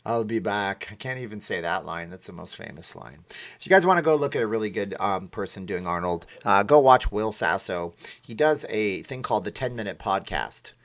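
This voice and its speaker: Chatty, slightly hoarse male streamer. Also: lowish voice, expressive, fairly quick. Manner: rambling, chatty, laughs between remarks. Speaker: livestream host. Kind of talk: casual livestream chat.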